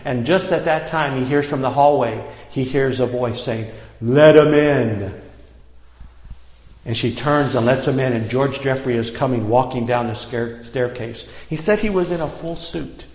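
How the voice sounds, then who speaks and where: A man's voice: medium pitch, moderate pace, hardly any pauses. A man preaching a sermon as a story, acting out the people in it and calling out for amens from the congregation. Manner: animated, acts out quotes, calls for amens. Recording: echoey hall, long reverb.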